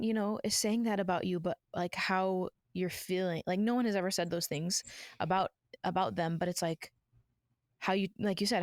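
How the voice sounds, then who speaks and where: A woman's voice: fairly low pitch, no room sound, clean studio sound. A young adult woman hosting a podcast, telling family stories in a chatty way that is full of "like.". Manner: warm storytelling, chatty with many "like"s. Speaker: podcast host and mother. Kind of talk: casual conversation.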